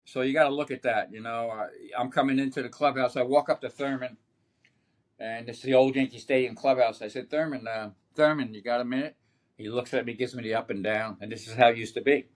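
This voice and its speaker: Older man, animated sportswriter storyteller. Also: medium pitch, fast talker. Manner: animated, rambling storytelling with many restarts. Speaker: sportswriter guest. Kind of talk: anecdotal podcast conversation. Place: podcast setup.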